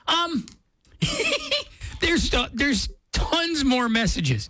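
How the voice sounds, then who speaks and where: A male talk radio host chatting casually, with an excitable, playful manner and frequent laughs. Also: extremely high pitch, slow, no echo.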